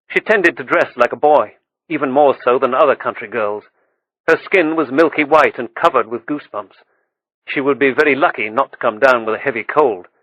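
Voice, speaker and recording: A man reading an audiobook with steady, measured storytelling. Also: medium pitch, no room sound, lo-fi sound. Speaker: audiobook narrator. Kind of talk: scripted audiobook narration.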